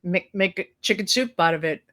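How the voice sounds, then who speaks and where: A woman's voice: fairly low pitch, fairly quick, a bit bright. Chatty middle-aged woman co-hosting a talk show. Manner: chatty, rambling with fillers and restarts. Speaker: co-host. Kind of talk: casual chat. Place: home, on a live video call. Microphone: video call.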